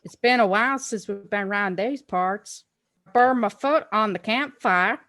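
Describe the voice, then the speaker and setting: A woman's voice: medium pitch, measured pace, fairly bright tone, dry recording, studio quality, lightly acted. A woman voicing a dim, rambling rustic cowboy man with a lazy drawl. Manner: rambling, self-pitying asides.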